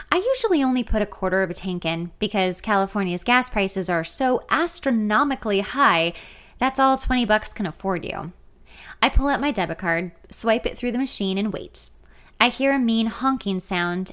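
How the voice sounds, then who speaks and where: A woman's voice: medium pitch, a bit bright. A woman in her thirties reading her own memoir aloud in the first person, candid and conversational. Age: 30s. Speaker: author narrating her memoir.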